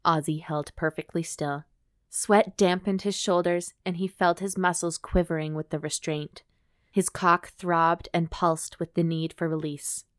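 Woman reading a steamy novel out loud, lowish voice, dry close sound, cracks jokes between bits. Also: no room sound. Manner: reads aloud steadily, breaks off for wry jokes. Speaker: podcast co-host reading a romance novel aloud. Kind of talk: dramatic reading with joking commentary.

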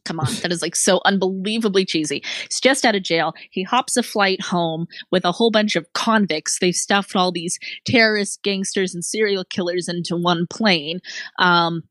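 Teasing, animated woman podcaster, dry sound. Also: on the low side, moderate pace, no echo. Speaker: podcast co-host. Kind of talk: casual movie-review chat.

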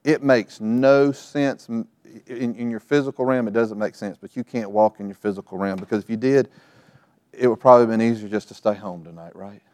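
A man's voice: fairly low pitch, fairly quick, a little mellow, no echo. A middle-aged man preaching a sermon to his church, telling family stories and acting out the voices in them. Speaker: pastor. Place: church sanctuary.

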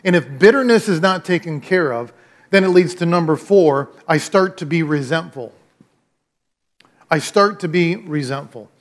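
A man's voice: on the high side, expressive, moderate pace. A man preaching a sermon as pastor, conversational and emphatic, often repeating his key phrases.

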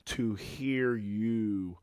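A man hosting a casual podcast, rambling and swearing freely, swinging between loud outbursts and low muttering into a podcast microphone. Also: drawn-out words, clear, resonant tone, dry recording, clean studio sound. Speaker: podcast host.

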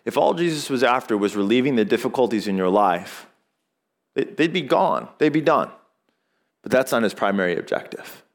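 A man's voice: mid-range voice, animated, moderate pace. A male pastor delivering a sermon in a conversational way, asking rhetorical questions and acting out short quotes.

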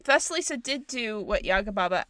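A woman's voice: mid-range voice, expressive, brisk, fairly bright tone, no room sound. A young woman co-hosting a storytelling podcast, chatting playfully and giggling often. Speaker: podcast co-host. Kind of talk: casual chat.

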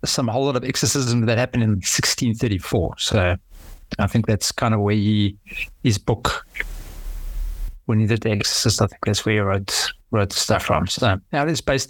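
A man's voice: fairly low pitch, no room sound. Guy chatting on a podcast, rambly and hesitant, dry close audio. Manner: rambling, hesitant, with frequent restarts and laughs. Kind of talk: casual podcast chat.

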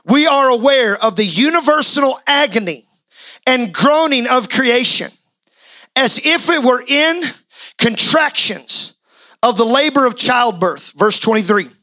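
A male pastor delivering an impassioned sermon, swinging from quiet talk to shouting. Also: very high-pitched, expressive, measured pace, dry recording, low-quality recording.

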